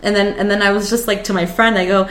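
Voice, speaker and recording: A woman in casual chat, telling animated stories, laughing often and swearing freely. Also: mid-range voice, quick pace. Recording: echoey room, faint noise.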